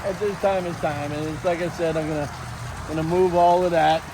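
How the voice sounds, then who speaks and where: A man's voice: a little high, steady tone, fairly quick. A man hosting a vlog in a backyard, chatting casually and rambling as he shows his plans and talks to his animals. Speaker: vlog host. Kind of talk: casual chat. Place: outdoor backyard. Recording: outdoor noise.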